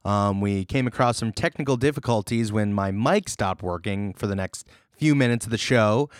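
Man, podcast co-host, smooth clear voice, dry close sound, jokey, animated. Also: fairly low pitch, moderate pace, no room sound. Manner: jokey, animated, laughs often. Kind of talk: casual chat.

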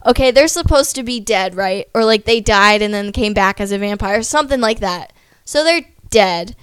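Chatty young woman, smooth voice. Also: medium pitch, lively intonation, moderate pace, a bit bright, no room sound. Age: young adult. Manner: rambling, many "like" fillers, self-deprecating asides. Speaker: vlogger. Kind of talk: casual chatty vlog.

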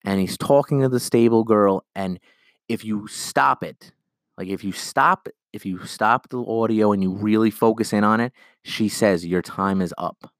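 A man hosts his own podcast alone, talking in a loose, rambling rant and slipping into quick impressions of characters. His voice sits on the low side, and the recording is dry and close with no room sound. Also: no room sound. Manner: animated, rambling, acts out characters' lines. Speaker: podcast host.

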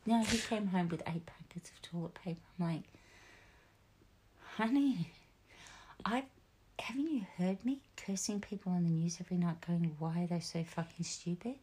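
A woman's voice: lowish voice, moderate pace, warm tone, a little hiss or hum. A middle-aged Australian woman, a mother, chatting casually and telling family stories, acting out what her husband said. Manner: storytelling, quoting her husband, laughing often.

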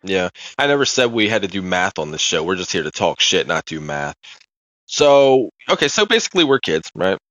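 A man with a lowish but very lively voice, swinging up and down in pitch as he tells stories. He laughs easily and swears offhand in casual podcast chat, recorded dry and close. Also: moderate pace, no room sound. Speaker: podcast co-host.

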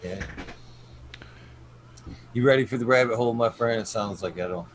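A man's voice: mid-range voice, moderate pace. A man hosting a long livestream show, talking casually, swearing often and chuckling as he signs off. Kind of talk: casual chat. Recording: noisy background hiss.

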